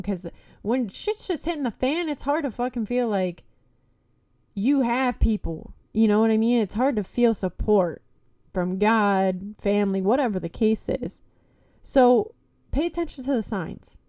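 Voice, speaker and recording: A woman's voice: medium pitch, dark tone, no echo, clean studio sound. A young woman hosting a casual solo podcast, speaking candidly with lots of swearing, "like" and "you know", encouraging her listeners. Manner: encouraging, addresses listeners as "guys". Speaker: podcast host.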